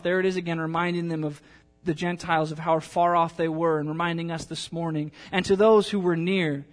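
A man's voice: fairly high pitch, steady tone, brisk. A male pastor preaching a sermon, telling a personal story in a chatty, emotional way with many fillers, then reading scripture aloud.

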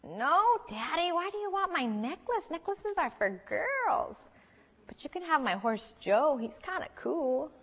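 A woman voicing a sweet, clingy little girl who pleads in a high, childlike whine. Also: sing-song, measured pace, fairly bright tone, lo-fi sound, full character voice. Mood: pleading.

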